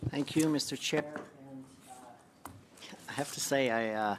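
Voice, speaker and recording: A man's voice: medium pitch, unhurried, a little hiss or hum. A man, a member of parliament, speaking in an exasperated, mocking way during a heated committee debate at a desk microphone. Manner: exasperated, mocking, breaks into laughter.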